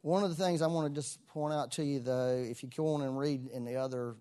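A man preaching a sermon to a church congregation, moving between soft asides and loud exclamations. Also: medium pitch, steady tone, fairly quick. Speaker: pastor.

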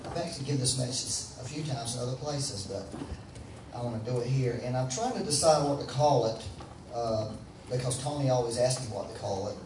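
A man's voice: mid-range voice, a little fast, background noise. A man preaching a sermon in a folksy, conversational way, calling on the congregation to answer back. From United States. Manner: conversational, folksy, calls for audience responses. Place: church sanctuary. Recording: roomy, from a distance with faint background.

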